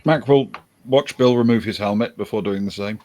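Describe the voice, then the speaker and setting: A man's voice: fairly low pitch, normal speed, a little mellow. Joking male tabletop player. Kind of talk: tabletop role-play chat.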